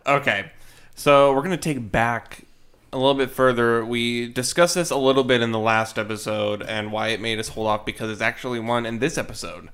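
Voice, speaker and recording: A woman's voice: very deep voice, brisk, clear, resonant tone. A teenage girl hosting a casual podcast chat, playful and giggly while steering the topic. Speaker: podcast host.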